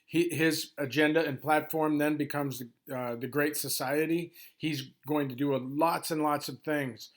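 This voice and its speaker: A man in his sixties with a gravelly voice, pitched a little high but held flat with little rise and fall. He hurries through an informal history overview, filling gaps with ums and restarting sentences as he goes. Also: unhurried, hardly any pauses. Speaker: history presenter.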